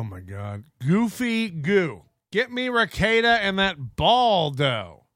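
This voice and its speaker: High, animated man ranting. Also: no room sound, clean studio sound. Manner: mock-serious, exaggerated. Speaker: livestream host. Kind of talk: comic rant.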